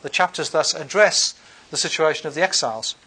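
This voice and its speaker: A man's voice: fairly high pitch, fairly quick, sharp tone, slightly rough. A man giving an unscripted lecture on scripture, reading verses aloud and then explaining them in a conversational way, with frequent ums, uhs and restarts. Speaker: bible lecturer.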